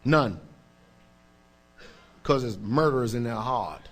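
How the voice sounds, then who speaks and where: A man's voice: mid-range voice, lively intonation, slow pace. A man, a pastor, preaching a sermon in an emphatic, colloquial way and checking in often with his congregation. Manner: colloquial, informal speech.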